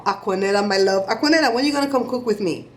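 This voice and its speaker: A middle-aged woman vlogger giving chatty, animated shout-outs to her viewers. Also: medium pitch, fast, a little hiss or hum. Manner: chatty, animated storytelling with laughs.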